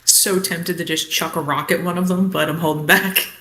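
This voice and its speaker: A woman's voice: lowish voice, steady tone, normal speed, fairly bright tone, echoey room. A woman playing in a tabletop game who talks in a sarcastic, blunt way. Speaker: player.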